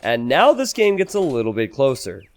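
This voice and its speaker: A man giving casual strategy game commentary, excitable, laughing and exclaiming at players' blunders. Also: mid-range voice, moderate pace, slight background noise.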